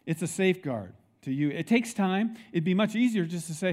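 Animated man preaching a sermon. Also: high-pitched, brisk. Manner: animated storytelling, acts out quoted people. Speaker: pastor.

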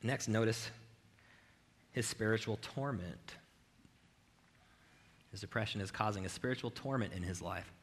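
A man's voice: lowish voice, measured pace, pauses often. A male pastor giving a conversational sermon in a church, with frequent rhetorical "right?" asides. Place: church with video cameras.

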